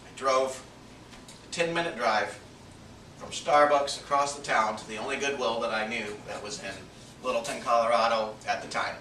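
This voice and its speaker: In a mid-range, bright, forceful voice at a moderate pace, a male minister recounts something personal in his sermon. He is earnest and confessional and nearly whispers his inner thoughts. The audio is distant and echoey, with a little background noise.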